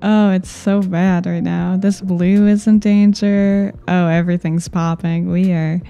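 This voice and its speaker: A woman's voice: fairly low pitch, flat delivery, unhurried, gravelly, warm tone. A woman giving casual gameplay commentary, thinking aloud in a wry, self-mocking way.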